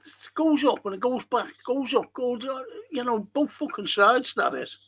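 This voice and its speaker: Scouse man, bright high voice, slow, sweary watch-along streamer. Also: slightly rough. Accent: Liverpool. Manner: sweary, excitable, heckling the players. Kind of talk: live match commentary and chat reading.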